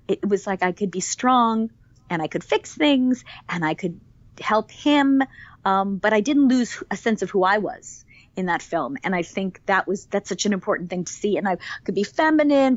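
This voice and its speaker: A woman's voice: medium pitch, no echo, muffled recording. A woman in her fifties, an actress being interviewed for a podcast, talking with enthusiasm and rambling through many fillers and restarts. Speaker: actress guest.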